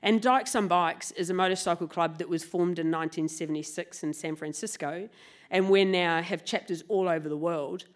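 A woman telling a true story live to an audience, lively and laughing often, swearing casually. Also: lowish voice, moderate pace. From New Zealand. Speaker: motorcycle club president and storyteller.

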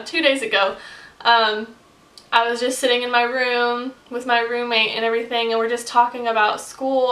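Young woman, flat, echoey vlog. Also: fairly high pitch, distant mic. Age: young adult. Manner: earnest and confiding, with frequent "like" and "um" fillers. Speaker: vlogger. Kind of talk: casual personal vlog. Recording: echoey room, speaker away from the mic.

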